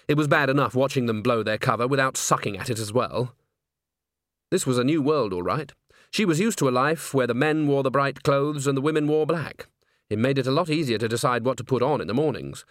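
A man reading an audiobook in measured, wry scripted narration on a close microphone. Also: medium pitch, no room sound.

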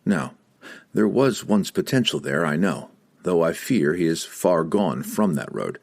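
A man narrating a fantasy audiobook in a dramatic, expressive reading. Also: deep voice, creaky, breathy edge.

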